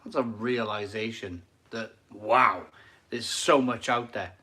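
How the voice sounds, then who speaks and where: A husky, rather low male voice, pushed and bright, takes things slowly. The middle-aged speaker chats casually on a live stream in his home kitchen, rambling enthusiastically and repeating his phrases as he reads viewer comments.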